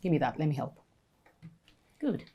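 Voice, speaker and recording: A woman's voice: low voice, animated, normal speed, breathy edge, muffled recording, heavily acted. An actress with a Nigerian accent playing a pushy, commanding wealthy middle-aged mother.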